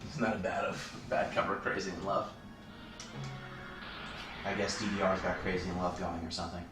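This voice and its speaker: A man with a fairly low voice chats through a game stream in a loose, playful way. He sits back from the mic in an echoey room. Loud game music plays behind him. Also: flat delivery, normal speed, recorded from a distance. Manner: playful, rambling, jokey asides. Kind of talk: casual gameplay chat on a live stream.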